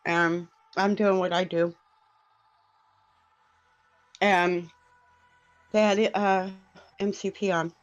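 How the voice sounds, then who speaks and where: A woman hosting a casual podcast, telling a story in an animated, giggly way. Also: lowish voice, slow pace, long pauses, muffled recording. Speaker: podcast host.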